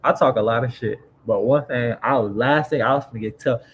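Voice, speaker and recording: Animated, swearing male storyteller. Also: mid-range voice, fairly quick. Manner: animated, profane storyteller who acts out family members. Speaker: podcast co-host. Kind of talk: casual chat.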